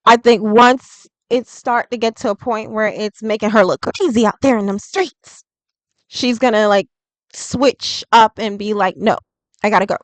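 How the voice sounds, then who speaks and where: A woman's voice: on the high side, unhurried, dry recording, poor audio. A woman doing a casual tarot reading vlog, chatty and rambling, full of "like". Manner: chatty and rambling, heavy use of "like". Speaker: tarot reader.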